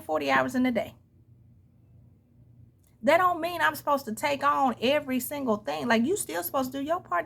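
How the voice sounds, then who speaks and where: A woman giving a casual tarot reading, talking back emphatically at an imagined person with sudden high-pitched outbursts. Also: moderate pace, gravelly, pauses often, fairly bright tone. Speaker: tarot reader.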